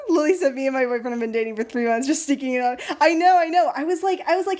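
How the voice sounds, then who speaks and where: A young woman hosting a casual live stream, chatting with viewers while she draws, bubbly and easily excited. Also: high-pitched, racing, few pauses. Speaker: live-stream host and sticker artist.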